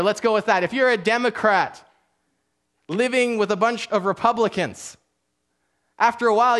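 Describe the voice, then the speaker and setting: A man's voice: fairly high pitch, fairly bright tone. A man preaching as a pastor in a church, talking in a conversational, self-deprecating way with frequent restarts. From Canada. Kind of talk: sermon.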